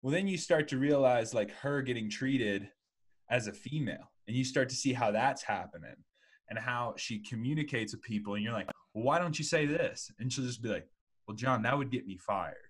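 A man's voice: mid-range voice, expressive, normal speed, husky. A man in his twenties hosting a casual podcast chat, rambling with lots of "like" and "you know". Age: 20s.

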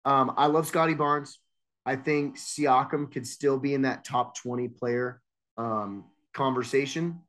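A man talking through his sports picks in a relaxed podcast chat, sure of himself and steering the conversation along. His voice sits at an ordinary middle pitch for a man. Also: a little slow. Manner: decisive, leads through the picks.

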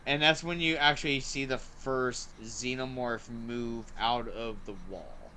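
A man hosting a podcast, chatting casually and excitedly about a movie, with lots of "like" and "um" fillers. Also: medium pitch, a little slow, a little hiss or hum. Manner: excited and rambling, heavy use of "like" and "um". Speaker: podcast host. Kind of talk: casual movie review chat.

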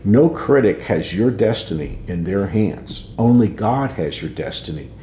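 Man, pastor, low voice, reflective, conversational, restarts phrases, echoey room, faint rumble. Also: lively intonation, measured pace. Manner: reflective, with frequent restarts and soft laughs. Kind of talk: conversational devotional discussion.

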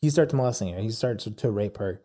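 A man with a warm, fairly low voice talks fairly quickly as he retells a documentary in a relaxed chat. His rambling account is full of fillers like "like" and "yada yada."

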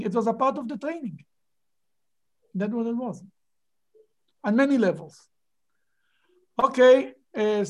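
Emphatic man teaching a Bible class. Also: high-pitched. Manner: animated, emphatic, rhetorical questions. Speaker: rabbi teaching a Torah class.

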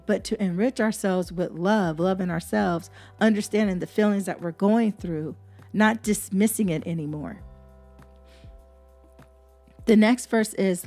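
A woman's voice: mid-range voice, gravelly, darkish tone. A woman hosting a devotional podcast, reading Bible verses and preaching in an earnest, repetitive way. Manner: earnest, preacherly, repeats herself for emphasis. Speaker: podcast host.

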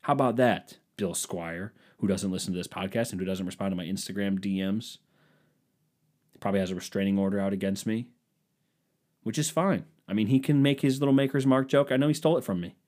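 A young man with a fairly low voice hosts his own podcast, riffing in a loose comedic rant. He talks in a sarcastic, self-mocking way that wanders from point to point. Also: fairly quick, a little mellow. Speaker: podcast host.

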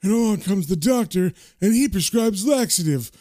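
A man voicing a cheeky, crude old male hospital patient who tells his stories in a raised, lively way. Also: high voice, normal speed, voice pushed up. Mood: indignant.

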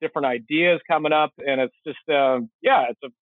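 A man talking in a relaxed, reflective way as a podcast host. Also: on the high side, a little fast, dry recording. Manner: relaxed, reflective, brief backchannels. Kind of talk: casual chat. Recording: tinny phone-like line.

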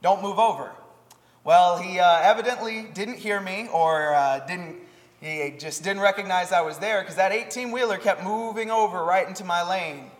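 A young man giving a sermon, telling a personal story earnestly with many "uh" fillers and reading scripture in a slower, measured way. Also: high-pitched. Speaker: preacher. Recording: long hall reverb.

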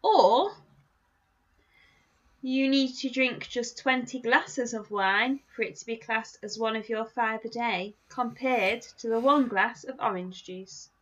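A woman, co-hosting a podcast, self-deprecating and reading aloud haltingly. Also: fairly high pitch, a bit bright, muffled recording. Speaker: podcast co-host. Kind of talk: casual chat.

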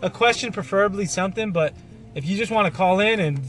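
High-voiced man hosting a podcast. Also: fast talker, a bit bright, soft background music. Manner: laid-back, profane banter. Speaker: podcast host. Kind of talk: casual podcast chat.

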